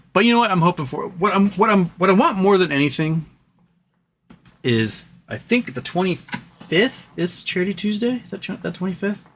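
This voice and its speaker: A man's voice: mid-range voice, fairly bright tone, slight background noise. A man hosting a livestream from his home office, venting in frustration with swearing and frequent stumbling restarts. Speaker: livestream host.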